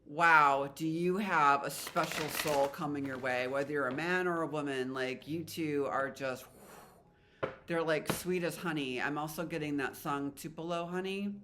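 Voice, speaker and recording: A woman's voice: low voice, moderate pace, background noise. A woman giving a casual tarot reading to her viewers, chatty and rambling, with an emotional, spiritual manner. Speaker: tarot reader.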